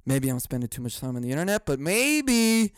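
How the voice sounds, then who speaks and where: A man hosting a casual solo podcast, ranting and swearing freely, jumping between mock outrage, laughter and low muttered asides. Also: sing-song, brisk, smooth, no echo. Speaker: podcast host.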